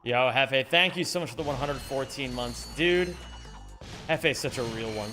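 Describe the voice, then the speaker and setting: A man streaming a speedrun live, chatting with viewers in an animated, joking way and swearing casually. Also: mid-range voice, normal speed, faint music behind. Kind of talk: live-stream chat while gaming.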